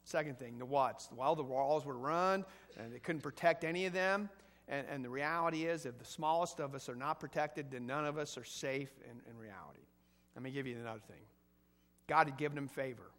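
Bright-voiced man preaching in an echoey hall. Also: medium pitch, fairly quick. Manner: conversational, asks the congregation questions, builds to emphatic peaks. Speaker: pastor. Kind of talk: sermon. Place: church sanctuary.

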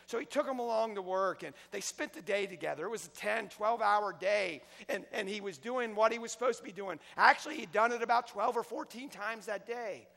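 Impassioned male preacher, high-pitched, long church-hall reverb. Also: a little fast, gravelly, few pauses. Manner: impassioned storytelling, swinging between loud and hushed. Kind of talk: sermon.

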